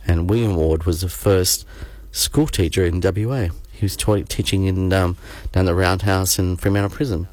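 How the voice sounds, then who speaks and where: Male radio host, deep voice, dry sound, rambling chat full of restarts. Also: fairly even intonation, darkish tone, dry recording. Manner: rambling, halting, with many restarts. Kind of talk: casual chat.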